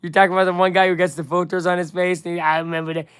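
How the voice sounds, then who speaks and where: Young male streamer, casual slangy banter; smooth, slightly high voice. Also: flat delivery, very fast, fairly bright tone, dry recording, clean studio sound. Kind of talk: casual chat with viewers.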